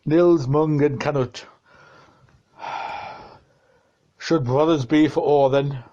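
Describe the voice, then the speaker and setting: A man reading a dense novel aloud, slow and deliberate, shifting his tone for the quoted exchanges. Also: a little high, steady tone, mellow, muffled recording. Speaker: reader of a novel.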